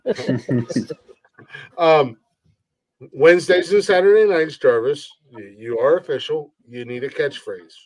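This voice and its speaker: A man's voice: on the high side, a little slow, long pauses, a little mellow, no echo, poor audio. A man co-hosting a casual comedy podcast, rambling, stumbling over repeated words and laughing often. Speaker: podcast co-host. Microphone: streamed podcast mic.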